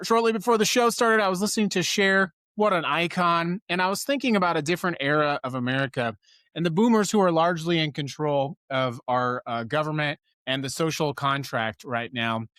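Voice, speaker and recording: Sarcastic and riffing, a male host of a live news commentary show cuts off his own sentences as he rambles about politics. His voice is on the high side and a bit bright, recorded dry at studio quality.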